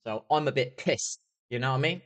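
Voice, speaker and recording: A man's voice: medium pitch, fairly quick. A young man livestreaming an angry, swear-filled rant, often asking "do you know what I mean". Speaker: streamer.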